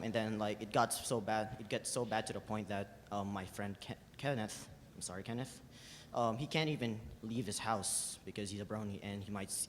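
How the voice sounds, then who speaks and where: Nervous, stammering young man with a low voice. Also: a little hiss or hum. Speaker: fan asking a question. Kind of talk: audience question at a panel. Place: convention hall, audience mic. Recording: reverberant convention hall.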